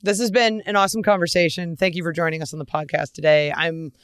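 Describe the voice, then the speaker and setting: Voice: mid-range voice, level tone, fast, a bit bright, smooth, no room sound, clean studio sound. A podcast host chatting casually with a guest, upbeat, laughing often and teasing playfully. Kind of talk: casual interview chat.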